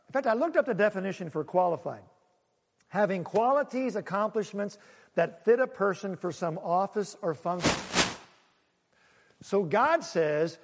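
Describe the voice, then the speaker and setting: A male pastor preaching a sermon, stretching key words for emphasis, dropping soft for effect and asking the congregation rhetorical questions. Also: high-pitched, expressive, a little slow. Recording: long reverb of a large hall.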